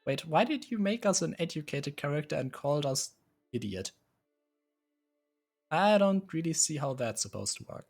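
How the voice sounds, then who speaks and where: A man's voice: a little high, lively intonation, moderate pace, long pauses, a little mellow, faint music behind. A man streaming live, casually musing and hesitating as he sets up a strategy game, chuckling often. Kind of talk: casual live gameplay commentary.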